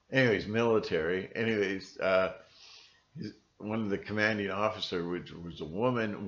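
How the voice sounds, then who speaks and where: A man with a fairly low voice talks straight to his viewers in a loose, wandering monologue, now and then acting out what other people say. The recording sounds dull and lo-fi, with the top end cut off. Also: a bit bright. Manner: rambling, breaks into mimicking voices. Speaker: video channel host. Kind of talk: casual monologue to camera.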